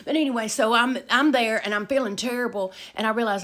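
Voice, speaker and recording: A middle-aged woman telling a casual storytime, animated, with loud emphasis and hushed asides. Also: fairly high pitch, fast.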